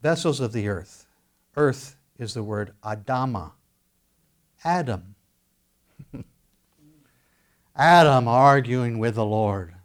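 A man preaching a sermon, animated, acting out quoted voices as he goes. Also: mid-range voice, takes it slowly, pauses often. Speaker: pastor.

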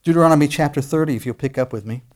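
A man's voice: a little high, very fast. A middle-aged man preaching a sermon as pastor, conversational and full of restarts, rising to bursts of emphasis.

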